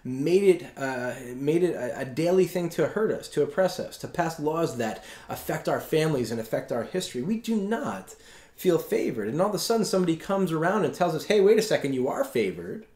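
A man preaching in an easy, conversational style, his somewhat high voice rising and falling a lot. He keeps checking in with the room. The sound is echoey and roomy. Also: lively intonation, fairly quick, a little mellow. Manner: conversational, keeps asking "right?". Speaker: pastor. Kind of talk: sermon.

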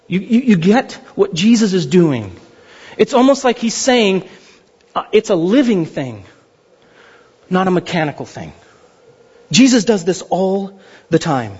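An animated male pastor preaches with a high, lively voice that climbs and dips. His tone is slightly husky and the sound is dull, carried by the long echo of a large church hall. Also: moderate pace, long pauses. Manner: animated, jokey delivery with mock voices. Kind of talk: sermon.

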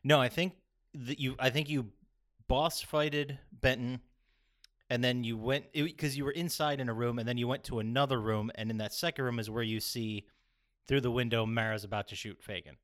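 A man's voice: medium pitch, steady tone, normal speed, fairly bright tone. A man talks loosely through a video game's story on a casual podcast, drifting between thoughts. He swears casually and breaks into laughter often. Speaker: podcast co-host. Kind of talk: casual chat reviewing a video game.

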